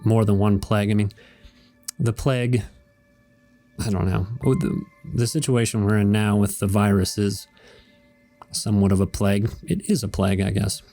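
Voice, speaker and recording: Rambling low-voiced male host. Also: little pitch movement, moderate pace, pauses often, mellow, faint music behind. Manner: rambling, hesitant, chuckling. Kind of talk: casual comic-strip reading and commentary.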